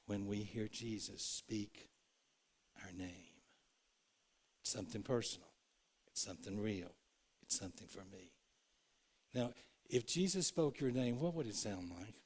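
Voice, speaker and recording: A man preaching a sermon in a church, earnest, moving between loud and hushed, acting out the quotes he tells. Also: lowish voice. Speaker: pastor. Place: church sanctuary.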